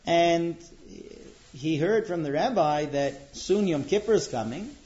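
A man telling a traditional religious tale in a relaxed way, pausing on fillers. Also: fairly high pitch. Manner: relaxed, with frequent fillers and restarts. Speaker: storyteller. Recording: dull lo-fi recording.

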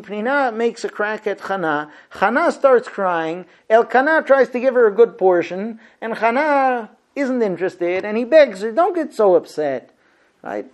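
A male teacher leads a Bible class, retelling the story with animated, lively storytelling. He often stops for rhetorical questions. His voice sits fairly high for a man.

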